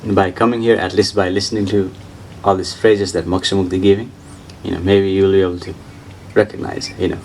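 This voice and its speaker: A man giving an informal spiritual talk and answering questions, repeating his points insistently in slightly broken English and laughing softly. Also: deep voice, little pitch movement, a little fast, few pauses, distant mic, a little hiss or hum, rough recording. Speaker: spiritual teacher.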